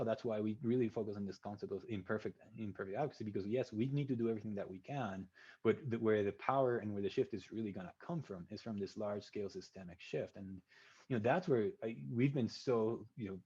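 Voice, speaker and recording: A man with a lowish, breathy-husky voice makes his case earnestly during a panel discussion. The audio is dull and lo-fi. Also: mellow. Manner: earnest, explanatory. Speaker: advocacy group leader.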